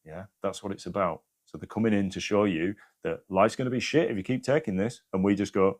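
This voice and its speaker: A man's voice: lowish voice, brisk, darkish tone. A man hosting a live stream, giving casual spiritual advice to viewers, swearing freely and often checking in with "yeah?".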